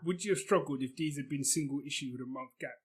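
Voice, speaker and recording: A man co-hosting a podcast in a relaxed, casual way, mostly listening and chiming in. His voice is a little higher than most men's and slightly husky. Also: quick pace. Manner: relaxed listener, short agreeing replies. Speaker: podcast co-host. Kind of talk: casual chat.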